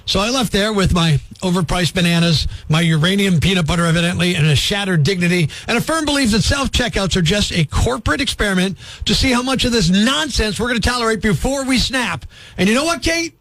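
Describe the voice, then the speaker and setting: A male radio morning show host doing comedic talk, ranting in an animated, exasperated way with sarcastic asides, in a studio. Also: sits high, fairly quick, hardly any pauses, dry recording.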